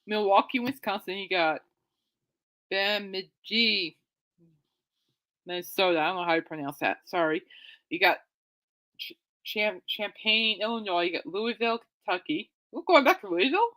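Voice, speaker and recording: An excitable woman rambles through her podcast in casual chat, correcting herself as she goes. Her voice is bright and sharp, with a mid pitch. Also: a little fast. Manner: chatty, excitable, self-correcting. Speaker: podcast host.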